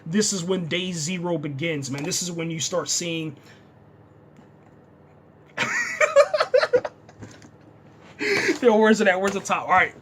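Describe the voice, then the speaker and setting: A man giving a casual, excitable, unscripted TV review, dropping "man" into nearly every sentence. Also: high-pitched, slow, pauses often, background noise. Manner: excitable, says "man" constantly. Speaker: TV show reviewer.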